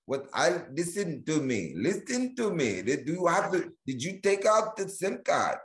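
A man's voice: a little high, very animated, measured pace, echoey room, voice pushed up. A man voicing a pushy male phone tech support agent with a mock Indian accent that drifts toward other accents. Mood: insistent.

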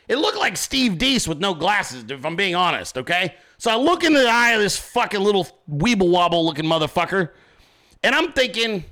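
A man's voice: high voice, very animated, moderate pace, pushed and bright. A man delivering a crude, heated, sarcastic ranting monologue as a commentator. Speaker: political commentator.

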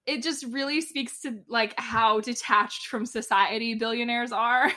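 Bright-voiced woman in casual recap chat. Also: on the high side, steady tone, unhurried. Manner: chatty, laughs often, many "like" fillers. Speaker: podcast co-host.

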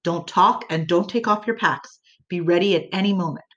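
A woman voicing a protective father giving hushed, urgent instructions. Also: fairly low pitch, moderate pace, muffled recording, close to an everyday voice.

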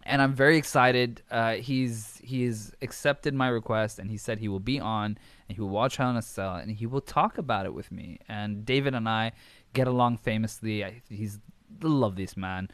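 A man's voice: lowish voice, moderate pace, a bit bright, no room sound. A man hosting a solo podcast, casual and rambling, swearing freely and correcting himself as he goes; he says he keeps switching between accents. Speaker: podcast host.

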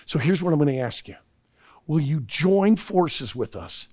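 A man's voice: fairly high pitch, lively intonation, measured pace, warm tone. A man voicing an earnest male military commander in a sermon story, pleading and explaining in a hurry.

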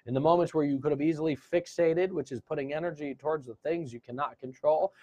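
A man with a slightly high, darkish voice hosts a live gratitude session, encouraging viewers and reading their comments aloud. It's a motivational live-stream talk, and the audio sounds dull.

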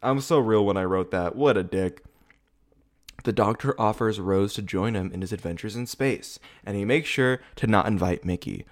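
Man in his twenties, lowish voice, casual host who rambles, curses and laughs a lot. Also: moderate pace. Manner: rambling, swearing, laughing often. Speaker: video podcast host. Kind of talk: casual rewatch commentary. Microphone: camera setup.

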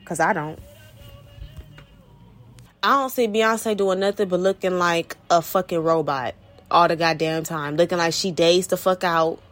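A woman's voice: fairly low pitch, fairly even intonation, measured pace, pauses often, fairly bright tone, soft background music. Blunt, profane woman ranting. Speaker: podcast host.

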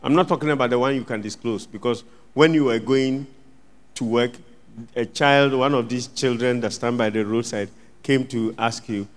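A man preaching a sermon as pastor, swinging from loud outbursts to hushed asides and acting out little scenes. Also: mid-range voice, normal speed. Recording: long reverb of a large hall.

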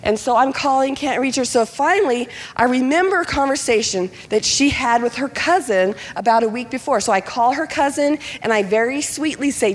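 A middle-aged woman pastor telling a personal story in a sermon, animated and acting out the voices of the people in it. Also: high voice, normal speed, few pauses. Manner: animated, acts out quoted voices. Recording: long hall reverb.

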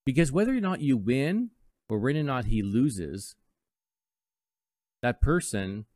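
A man's voice: medium pitch, sing-song, measured pace, pauses often, a little mellow, dry recording. A man hosting a live radio show from a studio, talking casually and rambling through reflective stories with playful mock voices. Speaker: radio host.

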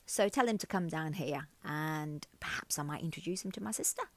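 A cheeky, ragged young heroine from a told folk tale, asking sly, challenging questions, as a woman storyteller puts her on. The voice sits a little low and is close and dry, with no room around it. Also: fairly quick, no echo. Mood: confident.

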